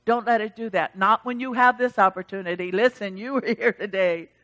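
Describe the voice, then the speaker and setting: Fervent woman pastor with bright tone. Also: medium pitch, brisk. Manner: fervent, swings from loud exclamations to soft pleading. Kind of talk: sermon with altar call.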